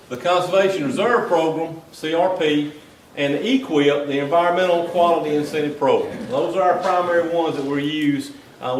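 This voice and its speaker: A man's voice: a little high, a little hiss or hum. A man with a Southern US accent giving a folksy, joking talk to landowners as a wildlife biologist, tagging his lines with "okay?". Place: meeting hall. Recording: echoey hall from some distance.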